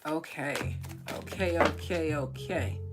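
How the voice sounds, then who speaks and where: A woman's voice: deep voice, slow, over loud music. A woman doing a casual live tarot reading, chatty and rambling, swearing freely and laughing at her own jokes. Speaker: tarot reader.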